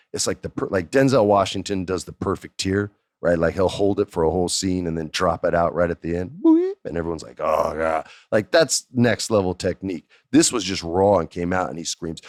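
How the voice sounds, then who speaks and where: A man hosting a podcast, telling a story casually, animated and profane, jumping up high in pitch for emphasis. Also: no room sound, studio quality. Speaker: podcast host.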